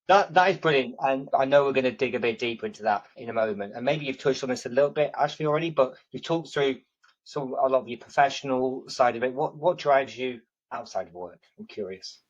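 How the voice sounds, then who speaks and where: A man's voice: mid-range voice, a little fast. A man hosting an interview, upbeat and affirming as he responds to the guest and hands over to his co-host. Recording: dull lo-fi sound.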